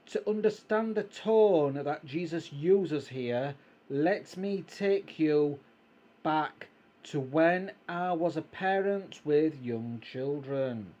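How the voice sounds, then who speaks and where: A middle-aged man slowly and gently reading aloud from a Christian devotional, quoting scripture. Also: on the high side, dull audio. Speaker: reader of a devotional book.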